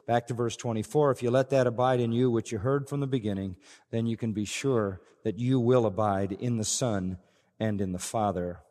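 A man's voice: medium pitch, fairly even intonation, normal speed, dark tone. A man preaching an expository sermon, earnest and emphatic, often repeating key phrases. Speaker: pastor. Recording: long reverb of a large hall.

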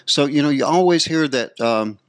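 A man's voice: on the high side, moderate pace, no room sound. A man leading a Bible discussion in a methodical way, citing verse after verse with frequent "uh"s. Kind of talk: scripture-based discussion.

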